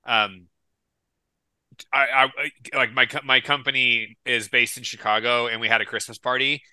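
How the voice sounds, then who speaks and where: A man's voice: medium pitch, fairly even intonation, normal speed, sharp tone, smooth, no room sound, low-quality recording. A man co-hosting a podcast in casual chat, telling long stories with restarts and asides. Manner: rambling storyteller with restarts. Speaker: podcast co-host.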